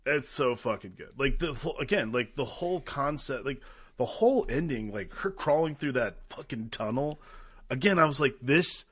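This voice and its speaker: A man's voice: medium pitch, animated, normal speed, a bit bright, breathy edge, no room sound. A man in his thirties co-hosting a podcast, talking casually, agreeably, and swearing freely. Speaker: podcast co-host.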